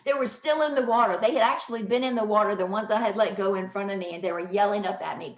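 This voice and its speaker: A woman's voice: mid-range voice, quick pace, few pauses. A woman tells a personal story on her podcast, laughing often and acting out the voices of others. Her voice sits in the middle of the usual range for a woman. The sound is roomy and a little dull. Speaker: podcast host. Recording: roomy, slightly dull audio.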